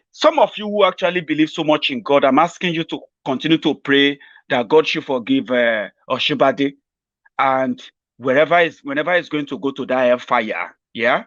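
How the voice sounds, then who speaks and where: A man's voice: mid-range voice, a bit bright, dry recording, highs cut off. A Nigerian man giving a rambling, mocking satirical political commentary to his viewers. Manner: mocking, rambling, chuckles at his own jokes.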